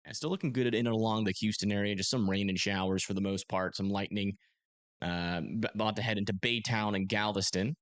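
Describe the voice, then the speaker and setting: A young man hosting a live storm-tracking stream, talking casually and haltingly with many fillers as he reads radar. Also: lowish voice, a bit bright, dry recording. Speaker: storm-tracking livestream host. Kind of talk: live weather commentary.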